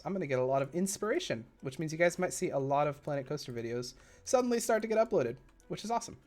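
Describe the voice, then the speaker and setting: A man streaming a park-building game live, chatting casually and rambling into side stories while he builds, with sudden excitable bursts. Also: fairly high pitch, racing.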